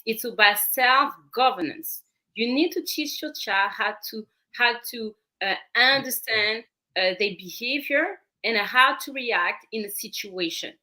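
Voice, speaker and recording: French-accented woman, parenting coach guest; higher, bright tone, earnest, explanatory, restarts words. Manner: earnest, explanatory, repeats words when searching. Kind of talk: talk show interview.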